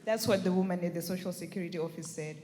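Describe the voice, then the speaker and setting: A woman's voice: fairly low pitch, quick pace, very noisy. A woman with a Zimbabwean accent, an audience member chatting with a comedian on stage, composed with dry humor. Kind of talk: casual onstage chat. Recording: live hall with faint ambience.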